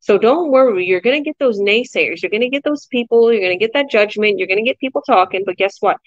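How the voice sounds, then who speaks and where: A woman's voice: mid-range voice, quick pace, dry recording, muffled recording. Chatty woman coaching on a video call. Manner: energetic, rambling, many fillers and restarts. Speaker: online business coach. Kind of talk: casual group chat, motivational.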